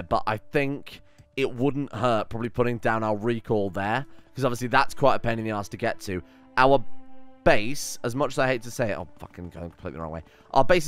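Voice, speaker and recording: A man chats his way through a video game, muttering to himself and cursing cheerfully. His voice is mid-pitched, with faint game music in the background. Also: a bit bright. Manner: chatty, swearing, thinking aloud. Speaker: let's play host. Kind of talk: casual gameplay commentary.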